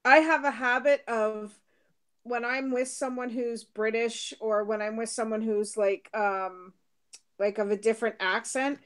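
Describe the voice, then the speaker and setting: A woman's voice: on the high side, fairly even intonation. A woman chatting casually as a guest, agreeing readily, laughing often and filling her speech with "like" and "um". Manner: agreeable, quick to laugh, lots of "like" and "um". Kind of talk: casual chat.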